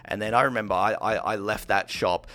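A man telling stories in casual chat, animated, and loud when he acts out a quarrel. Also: fairly low pitch, brisk.

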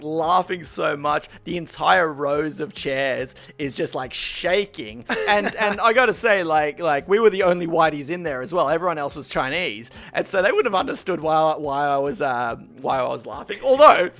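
Casual co-host: gravelly young man, slightly high voice, animated swearing storyteller. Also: normal speed, hardly any pauses. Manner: animated, swearing, laughs through his stories.

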